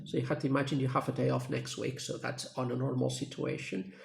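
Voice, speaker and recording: Gravelly man recapping an English lesson. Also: medium pitch, little pitch movement, fast talker. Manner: plain, patient classroom explaining. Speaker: English teacher. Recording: echoey room.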